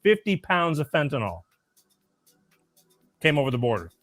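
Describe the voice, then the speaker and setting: A man's voice: on the high side, big pitch swings, moderate pace, fairly bright tone, faint music behind. Rambling male show host. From Florida. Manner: rambling, restarts, storytelling. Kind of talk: casual chat.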